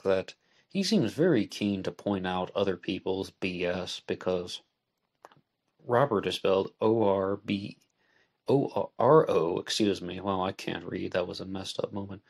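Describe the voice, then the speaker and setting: Casting note: man, very low voice, solo podcast host, measured and deliberate delivery. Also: creaky. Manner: measured, deliberate, spells out letters. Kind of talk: solo podcast book discussion.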